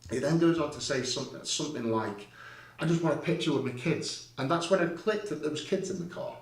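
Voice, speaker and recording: A man's voice: on the high side, brisk. A man bluntly retelling a confrontation in his own words, swearing often and speaking with rising heat. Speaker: guest recounting an incident. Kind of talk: storytelling in a clip. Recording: roomy, distant clip audio.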